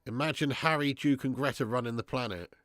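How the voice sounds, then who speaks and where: A man hosts a live football watch-along, chatting loosely with his viewers and swearing now and then. His voice sits at an everyday middle pitch. The sound is dry and close to the mic. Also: fairly quick, fairly bright tone, dry recording. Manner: laid-back banter, reads out super chats, swears freely. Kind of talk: casual live-stream chat and commentary.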